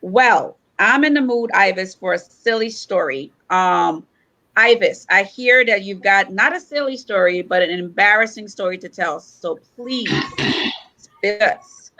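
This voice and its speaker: A woman's voice: medium pitch, animated, a little slow, bright, forceful tone. A woman co-hosting a casual talk show, opening the episode with an upbeat rundown. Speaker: co-host.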